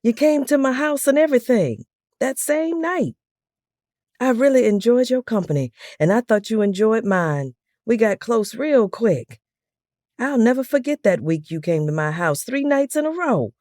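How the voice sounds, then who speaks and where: A woman puts on a middle-aged man who gushes and pleads, talking loud and fast and pitched well above her reading voice. The recording is close and dry, with no room sound. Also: expressive, no echo. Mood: eager. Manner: pleading, rambling.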